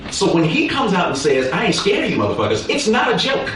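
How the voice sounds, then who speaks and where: A man's voice: sits high, big pitch swings, fast talker, a bit bright, a little hiss or hum. A man explaining earnestly in a documentary interview, his voice soaring and dipping widely. He sounds set back from the mic in a very echoey room. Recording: roomy, distant mic.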